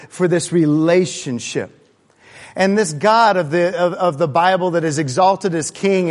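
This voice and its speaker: A man preaching a sermon, earnest and conversational, often repeating words as he gathers his thoughts. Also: high-pitched. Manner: grows quiet and reflective in the second half.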